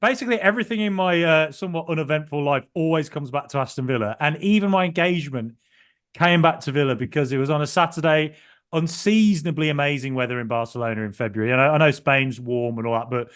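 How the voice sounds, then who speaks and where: A man's voice: a little high, fast talker, clear, resonant tone. A young man co-hosting a casual podcast, telling a long story in a rambling way with frequent ums and restarts. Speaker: podcast co-host.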